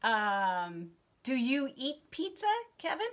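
A young adult woman teaching an English lesson online to a child, slow and encouraging, with lots of praise. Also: fairly high pitch, very animated, fairly bright tone.

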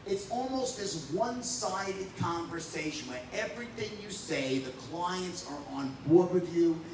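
A man running a live sales training, telling stories in a blunt, animated way with frequent "right?" and swearing, at a whiteboard. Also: sits high, a little slow, noisy background. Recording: roomy echo from a distance.

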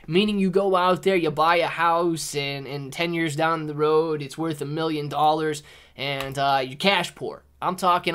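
A man's voice: sits high, fairly bright tone. A man hosting a live stream in casual chat. He reads viewer comments aloud, answers them, and calls people dude and man. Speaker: livestream host.

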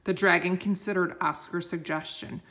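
A woman reading a picture book aloud slowly and gently, explaining words for children. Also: on the low side, steady tone. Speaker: storyteller.

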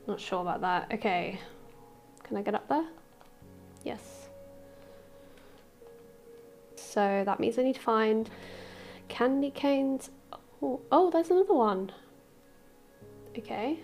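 A woman hosting a casual let's-play, gushing and excitable, with squeals of delight and soft murmurs as she explores. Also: on the high side, slow pace, long pauses, faint music behind. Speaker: gaming channel host.

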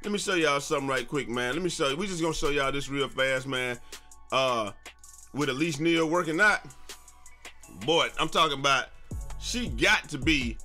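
A man hosting a casual gaming news vlog, talking in an energetic, slangy, sing-song way. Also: fairly high pitch, moderate pace, faint music behind.

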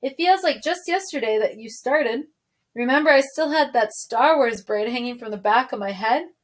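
An excited ten-year-old boy bubbles with eager questions, as a woman reading aloud puts him on. His voice sits high and lifts higher when he gets worked up. He teases and pleads in turn, like a child in a storybook. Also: moderate pace.

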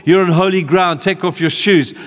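A man voicing God as a calm, firm male presence who speaks in a measured, quiet way. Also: sits high, big-room sound, pitched above the performer's own voice, lightly acted. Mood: solemn.

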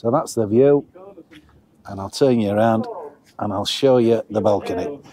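A man's voice: on the low side, normal speed, dark tone. A middle-aged man, chatting casually to viewers as his mates while reviewing a pub meal on camera. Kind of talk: casual food review vlog. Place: pub dining area.

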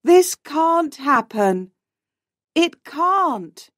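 Calm young sailor man, a woman reading him, slow and plain, lively pitch. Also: dry recording, clean studio sound.

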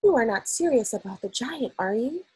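A woman doing a sharp, regal storybook queen. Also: fairly high pitch, lively intonation, moderate pace, breathy edge, voice pushed up. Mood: amused. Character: startled but commanding old queen, woman.

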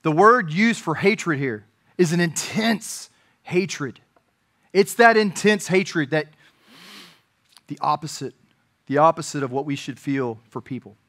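A man preaching a sermon as pastor, earnest, swinging from emphatic peaks to quiet, personal asides. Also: fairly high pitch, animated, unhurried, long pauses.

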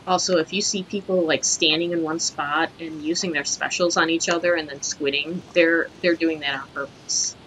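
A young woman hosting casual gaming commentary, crude, giggly and excitable, talking over her play. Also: low voice, normal speed, few pauses, slight background noise, rough recording. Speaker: host.

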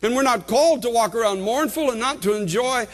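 Older male pastor, high voice, passionate pulpit sermon with long hall reverb. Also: fairly quick. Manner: impassioned preaching, rising and urgent, repeating words.

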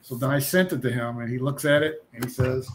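A man telling lively stories as a guest comic artist in a casual chat, acting out the voices he quotes. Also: medium pitch, a little fast, slight background noise. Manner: animated anecdote teller, acts out quoted voices.

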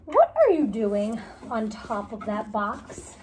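A woman's voice: a little high, lively intonation, slow pace, a little mellow, slight background noise, voice pushed down. A woman voicing a curious grown-up who keeps asking questions in a children's storybook reading.

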